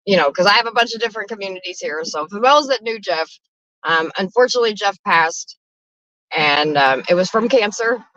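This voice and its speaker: A woman hosting a casual livestream chat from a car, talking loudly with lots of profanity and frequent laughter. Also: mid-range voice, animated, fairly quick, no room sound, highs cut off. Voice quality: loud, profane, laughing often. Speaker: livestream host.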